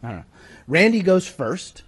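Male workshop lecturer, slightly high voice, conversational and emphatic, drifts off-mic. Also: very animated, normal speed, slightly rough. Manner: conversational teaching, emphatic, with handout references. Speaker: writing workshop speaker. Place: room with an audience. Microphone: moves away from the mic at times.

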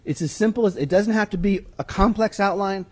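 A man's voice: high-pitched, brisk. A man teaching a writing workshop. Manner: conversational teaching, emphatic, with handout references. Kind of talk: workshop lecture. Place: room with an audience. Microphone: moves away from the mic at times.

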